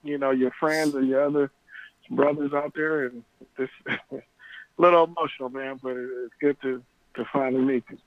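A man in his late thirties calling in to a podcast, warm and a little emotional, repeating himself as he talks. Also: medium pitch, fairly even intonation, normal speed, dry recording. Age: 30s. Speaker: caller. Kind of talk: phone call on a podcast. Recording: phone line audio.

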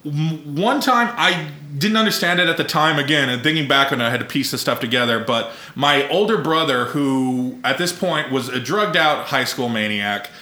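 A podcast host with a fairly high, bright voice tells profane, self-mocking stories about his childhood, laughing often as he chats casually. He speaks forcefully at a moderate pace with few pauses, and the recording has a roomy echo.

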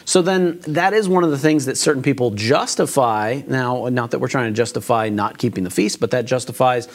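A man at a middle pitch talks earnestly through a congregation discussion. He often stops and restarts as he works toward his point. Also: a little fast. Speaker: congregation leader. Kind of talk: sermon-style discussion.

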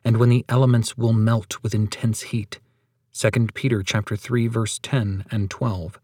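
Guy reading a sermon, slow and solemn, lowish voice, dry close sound. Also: little pitch movement, darkish tone, dry recording. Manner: measured, solemn, emphatic reading. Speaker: reader of a sermon. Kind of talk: read-aloud sermon.

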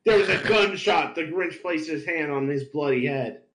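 A man's voice: a little high, moderate pace, fairly bright tone, roomy sound, rough recording. A man hosting a podcast, narrating fan fiction with laughing, theatrical delivery at a live convention panel. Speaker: podcast host.

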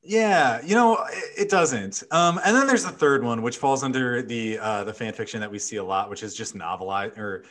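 A man hosting a casual podcast, reading fan fiction aloud and commenting on it in a wry, animated way. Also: mid-range voice, normal speed, hardly any pauses. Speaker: podcast host.

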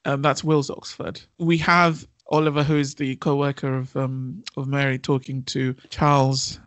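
A man's voice: mid-range voice, little pitch movement, normal speed, a bit bright, no echo. A man chatting on a podcast, recapping scenes and acting out what characters said. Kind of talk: casual podcast chat.

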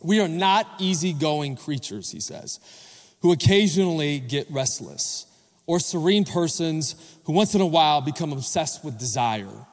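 An expressive pastor with a fairly high voice preaches a sermon in a church sanctuary, engaging his congregation with questions and asking them to say amen. The large hall gives his voice a long, ringing reverb.

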